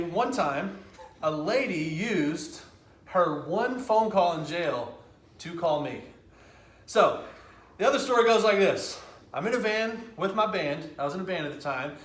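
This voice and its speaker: A man giving a storytelling speech on stage, lively and conversational, with quick asides. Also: fairly high pitch, slight background noise. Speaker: speaker. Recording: echoey hall.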